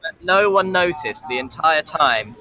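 Dry young man with a very bright voice. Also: a little high, animated, measured pace, highs cut off. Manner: dry, understated storytelling. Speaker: event organizer. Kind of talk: casual anecdote.

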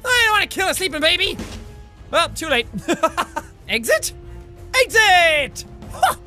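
Loud, swearing Irish gamer. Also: male voice, extremely high pitch, sing-song, a little slow, soft background music. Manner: loud, swears constantly, yelps and cheers at the game. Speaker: gaming YouTuber. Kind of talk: energetic let's-play commentary.

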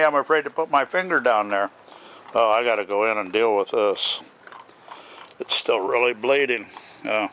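A dog owner films his puppies and talks to them casually in a raised, coaxing voice. His mid-range voice is bright and forceful at normal speed, with frequent pauses and slight background noise.

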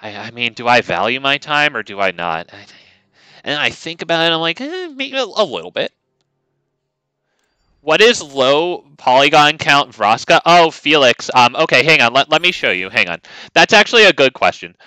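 A man streaming a card game who talks in loose, rambling commentary and swears freely as he goes. His voice is bright and clean, and his pitch rises and falls a lot. The close mic gives a dry, intimate sound. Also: lively intonation, normal speed, clear, resonant tone, no echo. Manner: rambling and profane, frequent restarts. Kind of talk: casual gameplay commentary.

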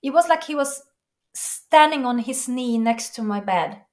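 A woman interview guest telling a personal story in an earnest, emotional way, halting and restarting. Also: sits high, expressive, darkish tone.

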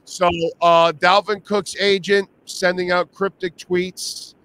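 A sports radio host from Miami with a Miami accent, pitched a bit high for a man. He talks loosely and animatedly, with slang and restarts. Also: level tone, slow, pushed and bright, clear, resonant tone. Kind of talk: casual sports talk.

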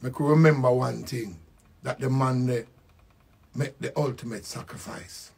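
An older man with a Jamaican accent giving a slow, reflective spoken tribute, repeating his phrases. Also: medium pitch, fairly even intonation, gravelly, slightly rough. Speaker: musician.

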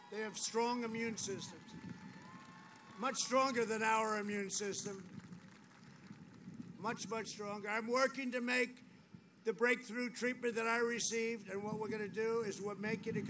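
A man giving a rambling, boastful rally speech outdoors, full of repetition and asides. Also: high voice. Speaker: political speaker at a rally. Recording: noisy outdoor rally audio.

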